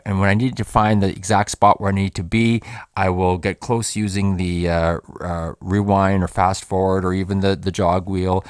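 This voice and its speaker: A man's voice: sits low, no room sound. A man hosting a home recording tutorial in his own studio, explaining in a rambling, casual way with many fillers and restarts.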